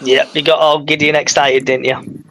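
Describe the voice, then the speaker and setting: A chatty man co-hosts a football fan chat. His voice sits fairly high, and he talks loosely and keeps asking his co-host questions. The sound is dry and close, with no room echo. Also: flat delivery, normal speed, vocal fry, fairly bright tone. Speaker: podcast co-host.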